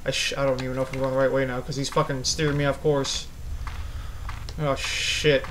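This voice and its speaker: A man commentating a horror game as he plays, easily spooked, swearing and yelling at the monster. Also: medium pitch, level tone, a little fast, slight background noise, poor audio. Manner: jumpy, swears a lot, yells at the monster. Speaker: gaming channel host.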